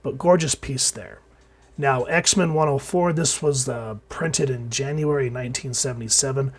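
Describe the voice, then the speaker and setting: In a casual review of a vintage comic book, a man speaks at medium pitch and normal speed. His voice is hoarse and sick-sounding, and he frequently restarts and fills pauses.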